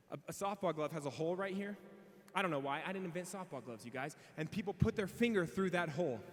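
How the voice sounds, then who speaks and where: A young man telling a funny, self-mocking story in a farewell speech as a student officer, in an animated, quick comic way. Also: a little high. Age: young adult. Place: large convention hall. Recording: reverberant hall sound.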